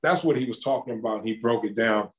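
Quick-paced and on the low side, a man in his thirties who used to play basketball recounts stories in a casual interview. He animates them by acting out the dialogue along the way.

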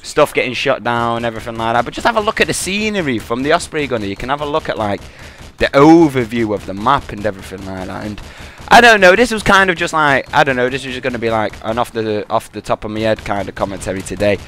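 A young man giving excitable, boastful, rambling off-the-cuff commentary over his gameplay. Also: mid-range voice, fast talker, slight background noise. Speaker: gaming commentator.

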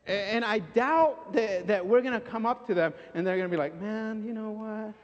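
A male preacher with a high voice delivers an animated sermon, acting out scenes and repeating phrases for emphasis. His words trail into a long church reverb, and the recording is muffled and dull. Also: a little fast. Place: church sanctuary.

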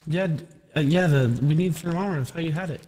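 A man's voice: on the high side, fast talker, mellow, big-room sound. A man playing a ghost game with friends, chatting nervously and rambling. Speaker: co-player. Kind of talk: casual gaming chat.

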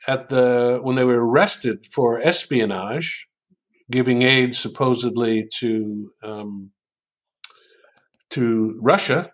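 An older American man speaks slowly and deliberately in an interview, often pausing with ums as he works through ideas. His voice sits at a middle pitch, and he savors quoted sentences as he reads them aloud. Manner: thoughtful, hesitant with many ums, savors quoted lines. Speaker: author and writing coach, interview guest. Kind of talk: conversational interview, explaining with examples.

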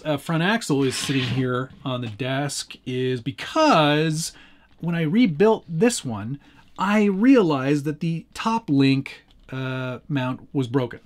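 Hosting a casual live stream, a man rambles and chuckles while answering chat and working with his hands at a desk. His pitch is fairly high, and he sounds animated but takes things slowly.

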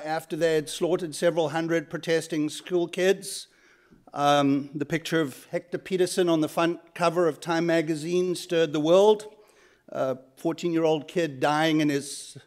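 A man in his fifties with a South African accent, moderating a law school panel, introducing speakers and telling his own story in a halting, earnest way with many fillers. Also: a little high, a little mellow, clean tone. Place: lecture hall.

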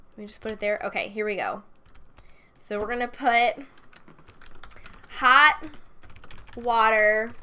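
Chatty girl narrating her game, bright voice, rambles to the viewers. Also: medium pitch, a little hiss or hum. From United States. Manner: chatty, bubbly, talks to the game as she plays. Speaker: Minecraft let's-play host. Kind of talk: casual gameplay commentary.

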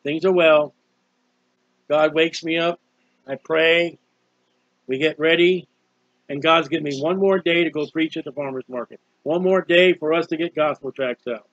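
A man's voice: fairly high pitch, fairly even intonation, moderate pace, pauses often, fairly bright tone, no room sound, muffled recording. A man preaching an informal sermon on a psalm, earnest and conversational, often repeating himself. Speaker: street preacher.

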